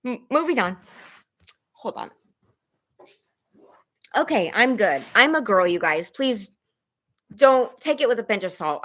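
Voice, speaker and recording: A woman's voice: a little high, expressive, unhurried, long pauses, fairly bright tone. A woman vlogger talking casually to her viewers in a rambling, self-conscious way, laughing between thoughts and close to tears.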